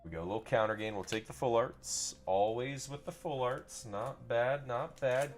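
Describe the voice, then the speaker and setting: A young man runs a live pack-opening stream as a card-breaking seller, upbeat and chatty, calling out viewers by name and repeating phrases. His voice is mid-range at a moderate pace over soft background music.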